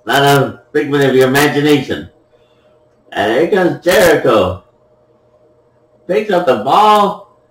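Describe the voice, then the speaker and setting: Male gamer commentator, unhurried and playful, laughs a lot, echoey room, far from the mic. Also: mid-range voice, animated. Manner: playful, laughs at his own jokes. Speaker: gameplay commentator. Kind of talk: casual joking commentary over a replay.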